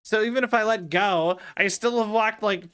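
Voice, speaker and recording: A high-pitched man chats his way through a game stream, rambling and full of fillers. His tone is bright and forward, with a faint hiss of noise in the background. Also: moderate pace. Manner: chatty, rambling, with frequent fillers. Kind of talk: casual gameplay commentary.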